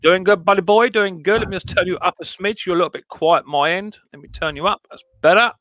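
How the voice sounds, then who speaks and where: A man's voice: high-pitched, fast talker, fairly bright tone, no echo, clean studio sound. Chatty man hosting a live stream. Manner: chatty, greets viewers by name, firm about rules. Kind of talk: casual live stream chat. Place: garden shed workshop.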